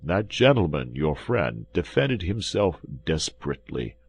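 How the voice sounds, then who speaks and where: A man's voice: deep voice, big pitch swings, a little slow, breathy edge, dry recording, heavily acted. A man voicing a frightened innkeeper who pleads in a trembling, pitiable voice. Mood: anxious.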